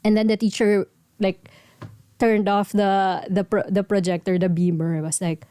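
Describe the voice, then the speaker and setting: A woman's voice: mid-range voice, flat delivery, moderate pace, warm tone, clean tone, no room sound, clean studio sound. A woman co-hosting a podcast, telling a story in a rambling, casual way with many fillers. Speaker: podcast co-host.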